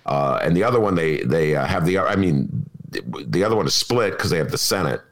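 A man co-hosting a casual political podcast, sarcastic and getting worked up, with loud laughs. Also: sits low, expressive, fairly quick. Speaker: podcast co-host.

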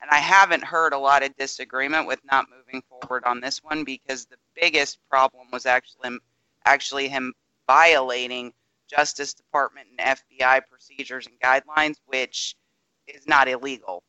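A man co-hosting a podcast, explaining political news in a measured, careful way with some hesitations. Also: medium pitch, steady tone, sharp tone, clean tone, dull audio. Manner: measured, explanatory, hedging with ums. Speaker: podcast co-host. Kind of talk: casual political chat.

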